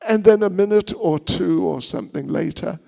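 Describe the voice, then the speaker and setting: A monk tells a story to his congregation with a playful manner and chatty asides. His voice sits high and carries a gravelly texture. The recording has a long hall reverb. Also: moderate pace, warm tone. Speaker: monk giving a seminar. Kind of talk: storytelling sermon.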